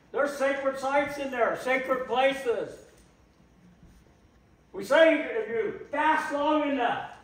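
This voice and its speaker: A man giving an impassioned public talk, slow and emphatic, repeating phrases for weight. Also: very high-pitched, fairly bright tone. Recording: echoey room, voice from a distance.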